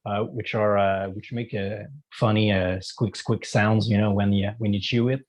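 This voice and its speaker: A man's voice: fairly low pitch, little pitch movement, darkish tone. Hesitant man. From Quebec. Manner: hesitant, many pauses and fillers. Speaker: musician guest. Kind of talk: casual interview answers.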